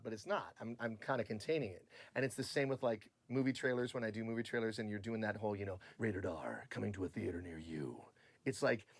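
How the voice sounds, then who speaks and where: A man's voice: medium pitch, dry recording. A male voice actor in a casual interview, explaining his craft and demonstrating voices as he talks.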